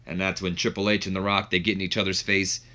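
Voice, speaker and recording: Rambling man with a bright, forceful voice. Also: sits low, level tone, fast talker. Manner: rambling, full of fillers. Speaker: gaming video host. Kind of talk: casual game commentary.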